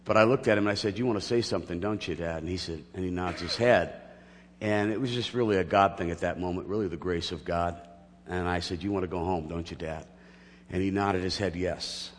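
A middle-aged male pastor preaching a sermon, telling a personal story with gentle humor before building into emphatic teaching. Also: sits low, brisk, big-room sound, a little hiss or hum.

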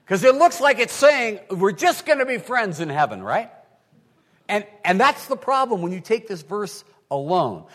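Male pastor, high animated voice, long hall reverb. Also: normal speed. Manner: animated preaching, swinging from quiet to loud, plays out listeners' voices. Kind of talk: sermon. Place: large hall with an audience.

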